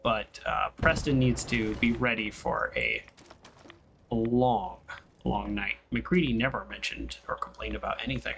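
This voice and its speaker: A young man with a bright, forceful voice talks through his game in a loose, rambling way. He drifts into long stories between moments of play, with a faint hiss of noise behind him. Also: medium pitch, fairly even intonation, measured pace, vocal fry. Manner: rambling and chatty, tells stories while playing. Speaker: gaming channel host. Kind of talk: casual let's-play commentary.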